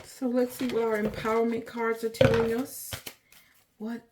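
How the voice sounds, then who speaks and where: A woman giving a spiritual oracle card reading to her viewers, repeating phrases in a soft, unhurried way. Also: fairly high pitch, little pitch movement, very noisy.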